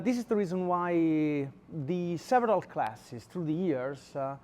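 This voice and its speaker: A man's voice: mid-range voice, a little mellow. A man from Italy with an Italian accent, giving a university lecture and speaking hesitantly with many filler sounds. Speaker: guest lecturer. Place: lecture room.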